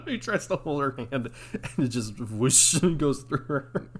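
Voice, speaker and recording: A man's voice: medium pitch, sing-song, slow pace, husky. An American man co-hosting a podcast, chatting casually, laughing often and acting out quotes. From United States. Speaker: podcast co-host. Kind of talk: casual chat.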